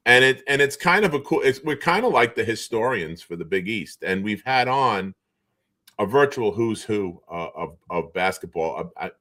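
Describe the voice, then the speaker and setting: A man from the New Bedford, Massachusetts area, telling stories as an interview guest. His voice sits a little low, and he chuckles and restarts as he talks. The delivery is animated and casual. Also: normal speed. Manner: animated storyteller, chuckles often, trails off in restarts. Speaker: guest, former basketball player and show co-host.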